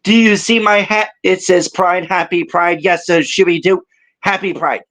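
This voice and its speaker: A man's voice: high voice, fairly even intonation, normal speed, fairly bright tone. A man hosting a livestream, chatting playfully and a bit out of breath while doing chores. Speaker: livestream host.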